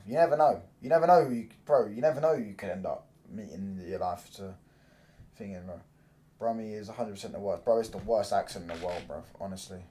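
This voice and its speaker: A young man, chatting casually on a football watchalong stream, swearing freely and breaking into loud reactions to the match. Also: deep voice, slight background noise. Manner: loose, swearing banter, reacts loudly to the match. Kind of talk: casual live-stream chat.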